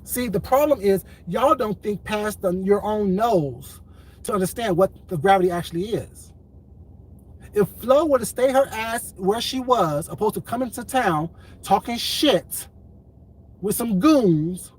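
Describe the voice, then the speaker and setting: A man streaming on YouTube, speaking in a calm, controlled, deliberate way and repeating his points for emphasis. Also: sits high, breathy edge, low-quality recording. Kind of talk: heated livestream commentary.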